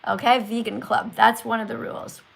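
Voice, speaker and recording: A woman's voice: on the high side, fairly even intonation, brisk, creaky, breathy edge, low-quality recording. A woman hosting a livestream with callers, lecturing in a preachy, scolding teacher tone. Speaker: livestream host.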